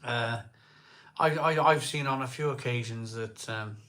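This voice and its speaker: Welsh bloke hosting a live beer stream, easygoing and jokey, middle aged, just chatting away. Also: male voice, medium pitch, unhurried, fairly bright tone. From South Wales. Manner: chatty, jokey, reads out viewer names and comments. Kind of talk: casual live-stream chat reading viewer comments.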